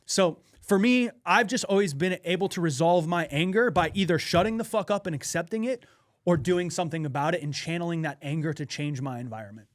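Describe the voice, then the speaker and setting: A man co-hosting a podcast, telling a personal story in an animated way with frequent swearing. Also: fairly high pitch, brisk. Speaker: podcast co-host. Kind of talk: casual podcast chat.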